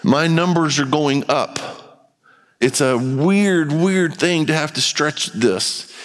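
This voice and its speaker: A man's voice: fairly high pitch, slow pace, long reverb tail. A man preaching a sermon in a church in a conversational style, acting out quotes as he goes. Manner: conversational preaching with acted-out quotes and rising intensity. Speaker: pastor.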